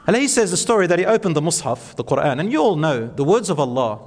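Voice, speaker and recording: A man's voice: fairly high pitch, very animated, fast. Earnest male speaker in an echoing hall. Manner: earnest, encouraging, storytelling. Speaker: speaker at a talk. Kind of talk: religious talk with Q&A.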